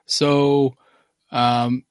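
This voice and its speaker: A man's voice: medium pitch, level tone, very slow, clear, resonant tone, dry recording, clean studio sound. A man hosting a podcast in casual chat, rambling and opinionated. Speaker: podcast host.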